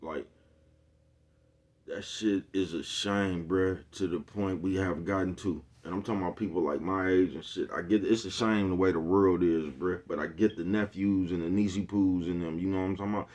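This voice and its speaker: In a low, somewhat mellow voice with fairly flat intonation, a middle-aged man speaks to his viewers at normal speed. He's a vlogger using easygoing street slang, regularly breaking off to address his listeners.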